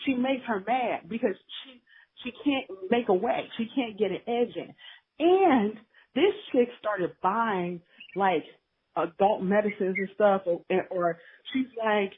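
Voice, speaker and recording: A woman's voice: mid-range voice, measured pace, breathy edge. A woman co-hosting a podcast, recapping a drama in casual, gossipy storytelling and acting out the characters' lines. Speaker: podcast co-host. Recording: tinny phone line.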